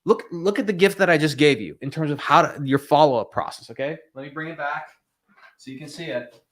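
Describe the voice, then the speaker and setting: Male sales coach for a live stream: blunt and emphatic, pushes hard, with a voice sitting a bit high. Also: brisk, fairly bright tone. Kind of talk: motivational live-stream talk. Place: room with bookshelves behind him.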